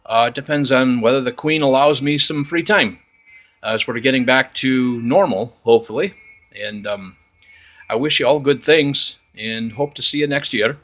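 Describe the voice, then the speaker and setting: A man's voice: medium pitch, normal speed, a bit bright. A man telling a homespun story in a rambling, folksy way, leaning on "he says" as he goes. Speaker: storyteller in costume persona. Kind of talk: folksy spoken tale. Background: faint chanting.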